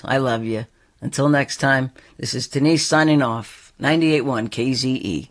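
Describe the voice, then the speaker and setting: A man's voice: medium pitch, normal speed. Laid-back male radio DJ. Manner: laid-back, warm sign-off talk with fillers. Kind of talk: casual radio show hosting.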